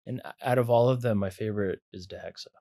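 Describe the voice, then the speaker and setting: A man's voice: fairly low pitch, fast, dry recording. Laid-back man telling anecdotes, dry sound. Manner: relaxed, anecdotal, laughs often. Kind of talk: casual podcast conversation.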